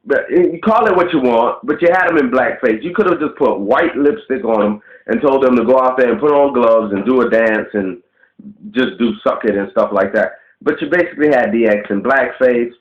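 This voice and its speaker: A man's voice: mid-range voice, normal speed. A man ranting casually to the camera, blunt and profane, firing off rhetorical questions. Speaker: vlogger. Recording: roomy, dull lo-fi webcam audio.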